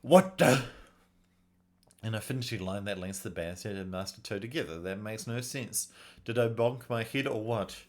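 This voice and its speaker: A man hosting a let's play, musing aloud and reading game text in a low-key way. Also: brisk. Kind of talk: casual game playthrough commentary.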